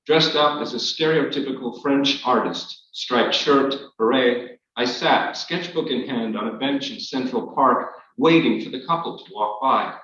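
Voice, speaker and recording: A man reading his memoir aloud to an audience, in a measured, wry storytelling manner. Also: mid-range voice, a bit bright. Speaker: author reading his work. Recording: echoey hall, distant, dull.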